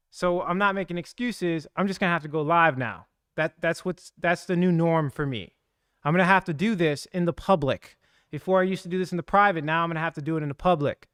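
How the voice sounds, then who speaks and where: A man hosting a casual crypto livestream, talking in an energetic, slangy, hyped-up way. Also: sits high, clean tone, no echo, clean studio sound. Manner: energetic, slangy, hype-driven.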